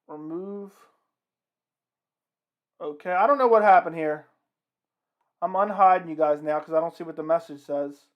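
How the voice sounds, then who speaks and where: His voice sits on the high side at normal speed, with frequent pauses and dull audio. As host of a relaxed livestream, he talks about a fight and trades remarks with his chat.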